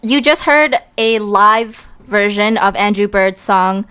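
A woman's voice: medium pitch, slow, bright, forceful tone, clear, resonant tone. A young woman hosting a campus radio show in the studio, chatty and enthusiastic, casually urging listeners to call in.

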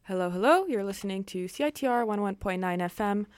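A woman's voice: mid-range voice, expressive, fast, smooth, no echo. A young adult woman co-hosting a campus radio show, chatting casually and rambling with lots of fillers. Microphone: studio microphone.

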